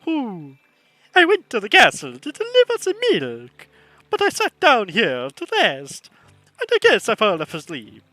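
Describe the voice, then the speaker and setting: A man voicing a sleepy, cheerful middle-aged ranch owner from a video game, reading his lines slowly. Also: high-pitched, wildly swooping pitch, bright, forceful tone, no echo, faint music behind, voice pushed up, exaggerated voice, rough recording. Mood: jolly. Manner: slow, drawn-out reading of game text in a raised voice.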